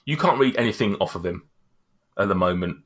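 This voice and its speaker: A man narrating as game master, halting and full of fillers. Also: sits low.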